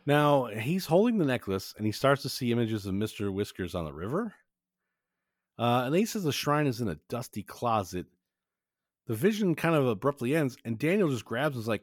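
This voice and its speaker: A man's voice: mid-range voice, very animated, fairly quick, no room sound, clean studio sound. A man hosting a podcast, recapping an old cartoon episode in a joking, rambling casual chat full of fillers. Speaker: podcast host.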